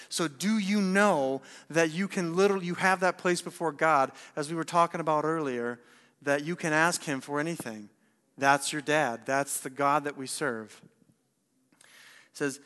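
A young man giving an energetic sermon, firing rhetorical questions and repeating words as he presses a point. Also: a little high, normal speed. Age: young adult. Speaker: speaker at young adults service. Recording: long hall reverb.

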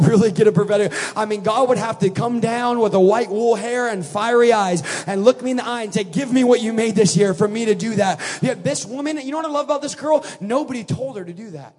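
A man preaching a revival sermon at a church service, swinging between shouted declarations and quiet conversational asides. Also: high-pitched. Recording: live hall with long reverb.

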